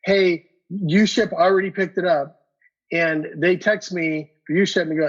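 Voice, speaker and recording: A man's voice: fairly high pitch, normal speed, husky. A man telling a collecting story in a casual chat, stumbling over repeated words and acting out both sides of a conversation. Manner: animated, repeats words, acts out dialogue. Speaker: guest collector. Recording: dull lo-fi podcast audio.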